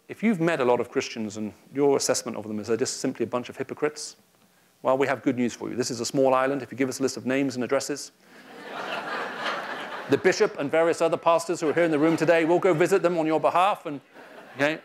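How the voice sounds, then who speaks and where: Guy giving a church talk to a room full of people, storytelling, jokey, mid-pitched voice. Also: a little fast, a little hiss or hum. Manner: lively storytelling with humor. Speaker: Christian speaker addressing an audience. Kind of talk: public talk with anecdotes. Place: room with a live audience.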